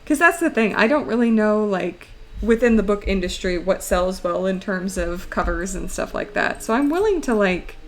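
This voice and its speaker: A woman's voice: mid-range voice, animated, moderate pace, hardly any pauses, soft background music. A young woman streamer chatting casually while she draws, laughing often as she talks.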